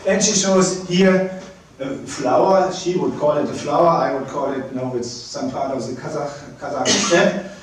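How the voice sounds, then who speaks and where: A man with a slightly high voice gives a public lecture with slides, pausing often and restarting his sentences. He is picked up from some way off the mic. His voice rings through a large, very reverberant hall. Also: noisy background. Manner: hesitant, many pauses and restarts. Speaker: space agency director giving a public lecture. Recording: very echoey hall, mic at a distance.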